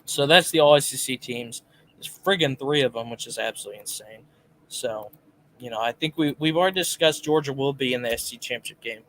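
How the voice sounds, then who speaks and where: A man's voice: medium pitch, a little fast, a bit bright, a little hiss or hum. A man co-hosting a casual live sports talk show, reading viewer comments and giving his picks in a chatty way. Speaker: podcast co-host.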